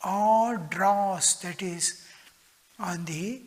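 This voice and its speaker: A man giving a spiritual discourse as a monk teacher, earnest and slow, at times dropping into a whisper. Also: high voice. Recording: long hall reverb.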